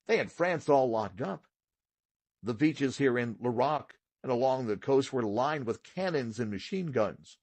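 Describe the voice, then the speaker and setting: Husky man reading an audiobook aloud. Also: mid-range voice, a little slow, dry recording. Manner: steady, expressive read-aloud storytelling. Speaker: audiobook narrator. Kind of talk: scripted narration.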